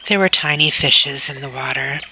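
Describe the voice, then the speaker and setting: A woman reading a children's novel aloud in a slow, deliberate, gentle way. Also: a bass voice, gravelly, a little hiss or hum. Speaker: storybook reader.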